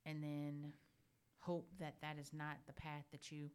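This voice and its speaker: A woman with a low voice tells stories in a relaxed conversation. She gets animated and acts out what others said. She is middle-aged. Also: measured pace, clean tone. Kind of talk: casual chat.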